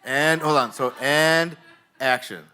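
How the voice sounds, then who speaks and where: A man hosting a live comedy show on a bar stage, directing the audience in a rambling, halting, jokey way with lots of fillers. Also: on the high side, background noise.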